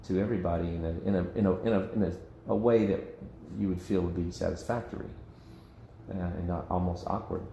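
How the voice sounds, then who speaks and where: Low-voiced man leading a casual Bible study. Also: steady tone, fairly quick, gravelly, mellow, echoey room, dull audio, slight background noise. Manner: conversational, self-interrupting, laughs often. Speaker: pastor. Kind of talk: informal Bible study discussion. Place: church meeting room.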